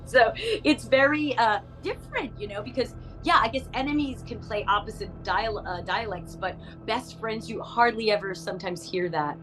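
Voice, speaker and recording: A woman, an actress, chatting in an interview and telling lively anecdotes with frequent laughter. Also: on the high side, moderate pace, soft background music, poor audio. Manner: animated storyteller who laughs often and acts out voices. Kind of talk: casual interview chat.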